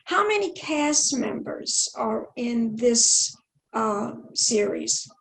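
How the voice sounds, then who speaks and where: A bubbly TV host with a high voice, asking questions in a chatty, loose way. She jumps in eagerly and trails off mid-thought. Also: very animated, slow, creaky, rough recording. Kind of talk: casual video interview.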